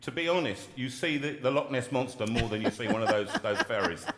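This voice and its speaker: A man hosting a relaxed live-stream chat, talking in a chatty way with lots of restarts and laughs. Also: mid-range voice, fairly quick, very noisy. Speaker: host. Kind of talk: casual chat. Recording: roomy live-stream sound with reverb.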